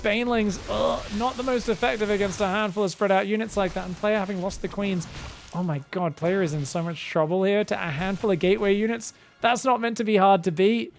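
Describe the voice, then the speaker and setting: A man casting viewer-sent game replays in a casual, joking commentary style, often laughing and getting excited. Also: high-pitched, fairly quick, slight background noise. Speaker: game caster.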